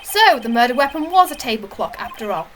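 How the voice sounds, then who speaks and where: A woman voicing a slow, solemn, dithering older male judge in a game. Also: on the high side, big pitch swings, fairly bright tone, slight background noise.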